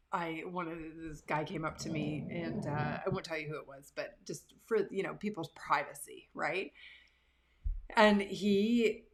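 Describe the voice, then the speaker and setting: A woman, hosting a live show from her living room and telling stories about herself in a casual, animated, self-deprecating way. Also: deep voice, slight background noise. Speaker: livestream show host. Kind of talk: casual storytelling to live viewers.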